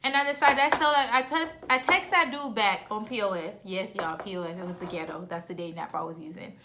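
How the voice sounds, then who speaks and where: A woman in her twenties tells a storytime vlog in animated, slangy style and acts out both sides of each conversation. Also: medium pitch, fast, background noise. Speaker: vlogger.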